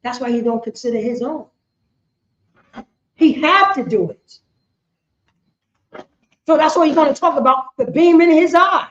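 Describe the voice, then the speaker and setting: A high-pitched woman preaches a street-style sermon, circling back over her points with lots of "you know what I'm saying". The sound is echoey and dull, as if captured on a lo-fi recording in a bare room. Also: unhurried, pauses often. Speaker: preacher teaching scripture.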